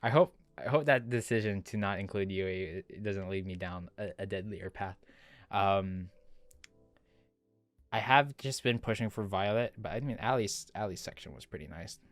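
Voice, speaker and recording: A man's voice: fairly low pitch, moderate pace, no room sound. A young man commenting casually while playing a story game, musing aloud and often restarting his sentences. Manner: chatty, musing, trails off and restarts. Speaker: gaming video creator. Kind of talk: let's play commentary and reading a visual novel.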